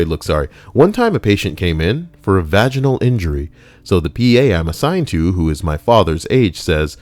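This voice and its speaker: A low-pitched man reads online stories aloud on a home stream and breaks off for wry, joking asides to his chat. His voice sounds dry and close, with little room in it. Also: a little mellow, no room sound. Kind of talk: casual reading with chat asides.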